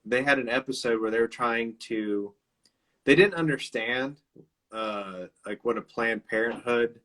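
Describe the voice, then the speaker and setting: A man hosting a relaxed conversation over a video call. He rambles through his stories, laughs often and swears offhandedly. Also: medium pitch, a little slow. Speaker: interview host. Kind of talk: casual video chat.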